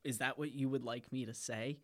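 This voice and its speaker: Young man, casual podcast chat, relaxed, agreeable, medium pitch. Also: brisk. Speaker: podcast co-host. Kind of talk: casual anime recap chat.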